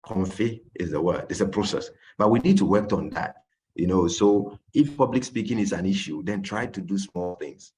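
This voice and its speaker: Deep-voiced West African man giving advice. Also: moderate pace, slight background noise. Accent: West African English. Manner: animated, acts out little scenes. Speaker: speaker answering questions in a session. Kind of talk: informal talk with anecdotes.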